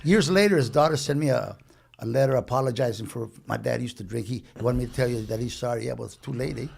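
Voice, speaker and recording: A man's voice: mid-range voice, quick pace, vocal fry, a little mellow, breathy edge. A man telling rambling, chatty anecdotes as a guest on a casual podcast, restarting his sentences and dropping in Spanish slang. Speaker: guest storyteller.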